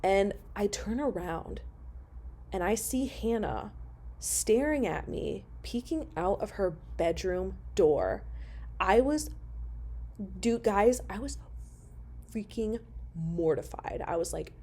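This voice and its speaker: A woman's voice: mid-range voice, lively intonation, takes it slowly, long pauses, dark tone. A woman telling a personal story to her viewers in a casual, emotional way, swearing freely and talking straight to them. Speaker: storyteller vlogger.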